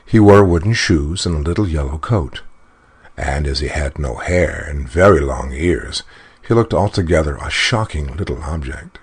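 Deep-voiced husky male storyteller. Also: expressive, normal speed. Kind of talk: storybook narration.

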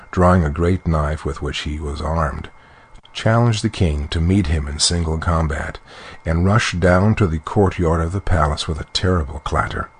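Man with a very deep, husky voice. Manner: steady, descriptive storytelling. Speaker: narrator. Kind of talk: storybook reading.

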